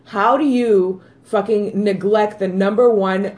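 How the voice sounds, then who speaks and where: A woman's voice: medium pitch, fairly even intonation, darkish tone. A woman co-hosting a podcast, blunt and profane in casual chat. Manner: blunt, profane, quick to agree. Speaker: podcast co-host.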